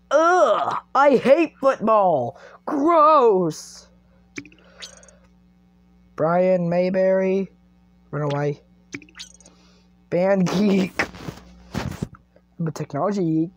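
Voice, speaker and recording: A teenage boy hosting his gaming channel at home, chatting playfully through an earbud microphone while he reads game text aloud and reacts quickly to it. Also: high-pitched, a little mellow, no room sound. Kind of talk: casual gameplay commentary.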